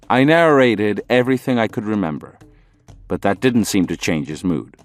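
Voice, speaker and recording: Low-voiced male audiobook narrator. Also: lively intonation, moderate pace, faint music behind.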